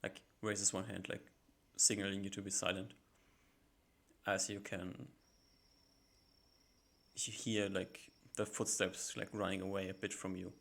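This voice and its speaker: A man's voice: low-pitched, level tone, a little slow, gravelly, pauses often, a bit bright. A man narrating as game master in a tabletop role-playing session, describing scenes loosely with many fillers. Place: home setup, live stream.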